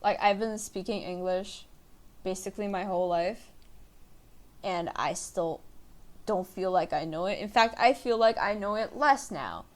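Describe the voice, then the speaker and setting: A woman's voice: medium pitch, measured pace. A young woman hosting her own podcast, chatting casually and rambling in a self-deprecating way. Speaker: podcast host. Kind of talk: casual solo podcast chat.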